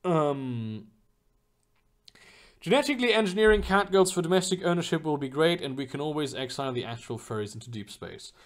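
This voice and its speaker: A young man talks loosely through viewer questions on his stream, his pitch rising and falling a lot as he goes. He rambles, restarts his sentences, fills gaps with "uh" and "like", and swears freely. His voice sits a little above the usual for a man. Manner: rambling, profane, with many fillers and restarts. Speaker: streamer answering chat. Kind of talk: casual livestream chat.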